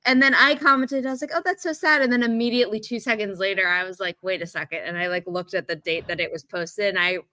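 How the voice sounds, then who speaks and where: A woman guest on a livestream talks in a bright, crisp voice, full of "like" fillers as she tells a story. Her pitch sits in the middle. The sound is dry and close. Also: fairly even intonation, quick pace, few pauses, no echo. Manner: chatty storyteller, many "like" fillers. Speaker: guest author. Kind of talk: casual livestream chat.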